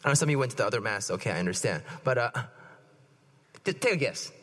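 Bright-voiced priest joking in a sermon. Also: male voice, mid-range voice, lively intonation, quick pace. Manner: playful, joking and asking the congregation questions. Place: church. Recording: long hall reverb.

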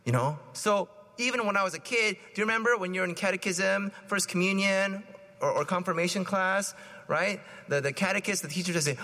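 A priest preaches in a loose, storytelling way, acting out the voices of the people in his stories. His voice sits a little high and sounds bright and forward. Long church reverb trails after every phrase. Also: brisk. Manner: conversational, anecdotal, acts out quoted voices. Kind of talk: sermon.

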